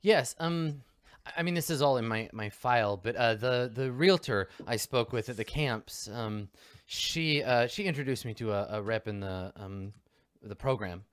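A man voicing a flustered, nervous middle-aged mother who stammers and rushes to please. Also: medium pitch, a bit bright, clear, resonant tone, no room sound, clean studio sound, natural voice. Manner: halting, rattled and overly eager to please.

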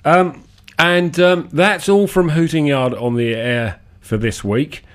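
Unwell man reading deadpan on radio. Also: on the high side, clean tone. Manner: dry, measured reading of absurd lists. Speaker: radio show host.

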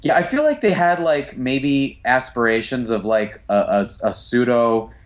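A man's voice: mid-range voice, normal speed. A man co-hosting a podcast, chatting casually about a TV show with lots of fillers and restarts. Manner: relaxed, hedging with fillers and restarts. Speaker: podcast co-host. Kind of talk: casual chat.

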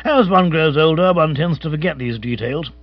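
A man's voice: a little high, normal speed, no room sound, highs cut off, lightly acted. A man voicing a blustering older male colonial big-game hunter, boisterous and exclamatory, in a storybook reading. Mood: rambling.

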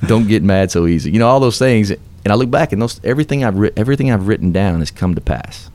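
On a radio show, a male guest shares his success story in a quick, lively voice that's fairly low and a bit dark. His delivery is earnest and upbeat with a preacher-like push, the kind of motivational storytelling heard in interviews.

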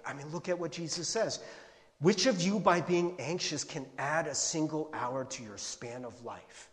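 A man's voice: a little high, moderate pace, in a large hall. A man preaching a sermon to his congregation, playful and self-mocking, acting out panic at times. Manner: animated, playful, acts out panic with rising shouts. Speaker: pastor.

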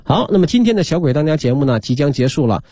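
A man hosting a radio show, giving a brisk closing announcement. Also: on the high side, sing-song, over music. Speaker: radio host.

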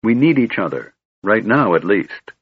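A man voicing a big, devoted young male warrior who talks earnestly and pleadingly, in a husky voice. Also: on the low side, big pitch swings, normal speed, no echo, narrow, tinny audio.

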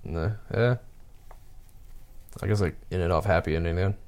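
A man with a somewhat low voice reads stories aloud in a casual, halting way. He pauses with fillers and chuckles as he adds his own remarks. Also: a little mellow. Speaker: vlogger reading stories aloud. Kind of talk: casual reading with commentary.

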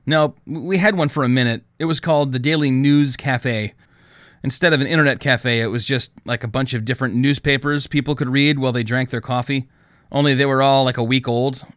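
A man voicing an easygoing teenage boy in an audiobook, speaking in a casual, relaxed way. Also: mid-range voice, a little fast, no room sound, clean studio sound, natural voice.

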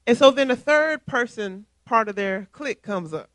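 Emphatic man preaching a sermon, higher voice. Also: normal speed, dry recording. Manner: emphatic, conversational, animated storytelling. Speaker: church elder preaching. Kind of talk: sermon with scripture reading.

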